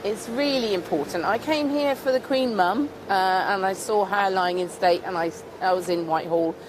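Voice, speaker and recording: A woman's voice: mid-range voice, normal speed. A woman from Devon, England, talking earnestly in a casual street interview, speaking into a handheld mic outdoors. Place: busy city street outdoors. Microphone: handheld microphone held out to her. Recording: noisy street behind.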